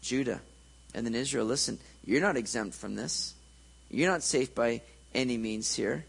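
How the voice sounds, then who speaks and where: A man's voice: medium pitch, moderate pace, gravelly, breathy edge, rough recording. A man preaching a conversational sermon, joking and checking in with his listeners.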